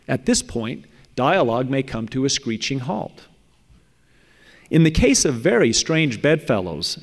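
A man reading a prepared talk in a measured, thoughtful way, often trailing off at the ends of phrases. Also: mid-range voice, darkish tone. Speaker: speaker presenting a paper. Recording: long hall reverb.

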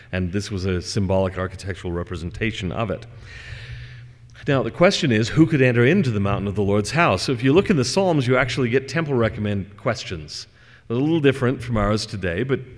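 A man giving a religious lecture and reading scripture, measured and conversational, with fillers and asides. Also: lowish voice, long reverb tail.

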